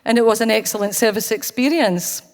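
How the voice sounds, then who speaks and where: A Scottish woman speaking at a conference, telling a personal anecdote with earnest, anecdotal warmth. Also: a little high, fairly quick. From Scotland. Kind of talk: storytelling keynote talk. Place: conference hall. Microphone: handheld or stage mic, cutting out. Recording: long hall reverb.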